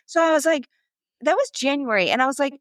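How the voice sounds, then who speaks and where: A woman who is a marathon runner and coach, telling stories in a lively, chatty way as a podcast guest. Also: high-pitched, no room sound. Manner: animated, quick storyteller acting out quotes. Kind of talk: casual storytelling interview.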